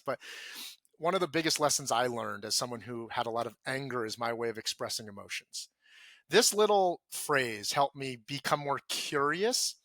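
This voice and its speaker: This podcast guest is in sincere conversation, performing his internal monologue and letting his voice fall soft and low on the feelings he quotes aloud. It's a dry recording.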